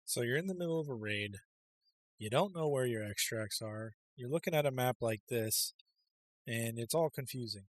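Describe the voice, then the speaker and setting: A man's voice: mid-range voice, animated, normal speed. Man rambling through a game tutorial. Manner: rambling, filler-heavy, with many ums and uhs. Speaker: game guide creator. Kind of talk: casual screen-recorded tutorial voice-over.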